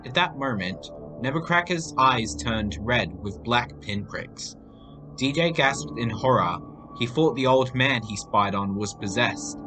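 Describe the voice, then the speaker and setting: A man's voice: medium pitch, measured pace. A man narrating a homemade horror story aloud. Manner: reading aloud, animated. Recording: faint music behind voice.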